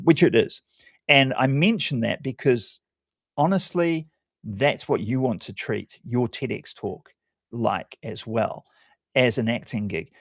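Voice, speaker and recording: A man's voice: medium pitch, no room sound, clean studio sound. A man working as a public speaking coach, explaining his analysis of a talk on a community call in a conversational way, often hesitating and restarting phrases.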